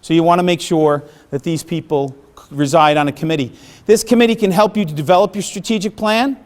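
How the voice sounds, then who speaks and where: A middle-aged man gives a workshop presentation in a fairly high voice. He talks conversationally to a room of listeners and keeps checking that they follow. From the Bronx, New York. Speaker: presenter on parish planning.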